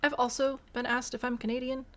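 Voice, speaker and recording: On a live stream, this young woman from Michigan builds in a game, chatting casually, thinking aloud and answering chat in a mild Midwestern accent. Her voice sits high with a flat delivery, a little fast, and a fairly bright tone.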